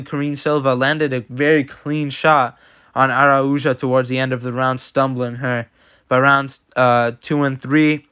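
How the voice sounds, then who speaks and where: A man's voice: mid-range voice, pushed and bright, clean tone. A man giving casual, blunt and opinionated reactions to fight results as commentator. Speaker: MMA commentator.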